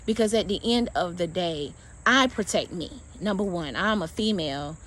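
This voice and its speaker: A woman's voice: lowish voice, lively intonation, moderate pace, a bit bright, slight background noise. A woman bluntly retelling a personal story in casual, profane talk, acting out the dialogue.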